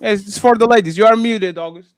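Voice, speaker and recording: A man's voice: high voice, brisk, dry recording. A man hosting a live-stream talk show, playful and teasing, apologizing in a joking way. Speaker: host.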